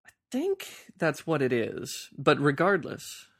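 Man, podcast co-host, gravelly edge, casual, rambling, restarts often. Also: fairly high pitch, huge pitch swings, slow pace, fairly bright tone. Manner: rambling, restarts a lot, conversational. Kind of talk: casual film chat. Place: home, remote from co-host.

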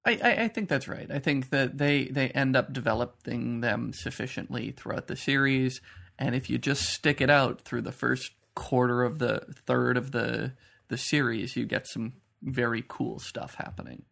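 Gravelly man, dry skeptical co-host. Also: medium pitch, moderate pace, a bit bright. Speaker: podcast co-host. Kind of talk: casual TV review chat.

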